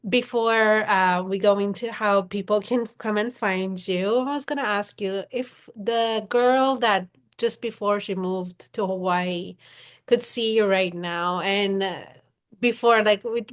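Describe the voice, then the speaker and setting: Affirming female podcast host. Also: medium pitch. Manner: warmly affirming, asks reflective questions. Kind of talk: casual interview chat.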